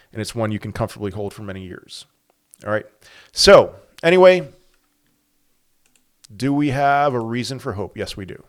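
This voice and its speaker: A man hosting a crypto channel, giving animated, conversational market commentary full of rhetorical questions. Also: on the low side.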